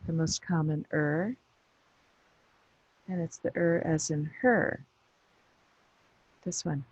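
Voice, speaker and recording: Woman phonics tutor, low husky voice, slow deliberate delivery. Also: a little mellow, no echo, dull audio. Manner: pronounces isolated sounds deliberately, explains briefly. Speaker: phonics teacher. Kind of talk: slow instructional phonics drill.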